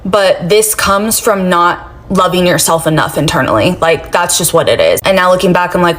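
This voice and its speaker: A woman's voice: lowish voice, expressive, brisk, few pauses. A woman giving blunt, profane advice in a casual straight-talk monologue. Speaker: advice speaker.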